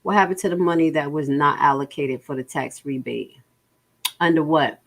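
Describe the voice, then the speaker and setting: Woman on a livestream, lowish voice, blunt and fed up, reads chat out loud. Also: moderate pace. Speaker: livestream host. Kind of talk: casual livestream commentary.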